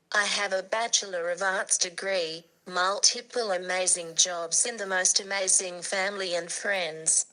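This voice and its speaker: Bright, robotic synthetic woman's voice. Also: fairly low pitch, rough recording. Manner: steady, evenly read delivery. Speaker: blogger. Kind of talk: scripted narration through a speech device.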